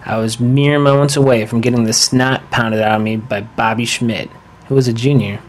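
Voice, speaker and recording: An actor playing a laid-back teen rocker slacker who keeps calling people dude and bro. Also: male voice, medium pitch, fairly even intonation, moderate pace, close to an everyday voice. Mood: storytelling.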